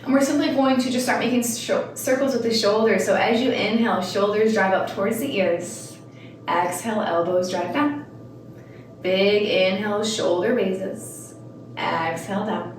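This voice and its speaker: A woman leads a yoga practice, her steady cues for breath and movement mixed with casual, friendly tangents. Her voice sits in a mid register and rings in a very echoey room. The mic is a few steps away, with a faint hum of ambience behind her. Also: mid-range voice, moderate pace, recorded from a distance. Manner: calm cueing with casual rambling asides. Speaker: yoga instructor. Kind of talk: guided yoga class.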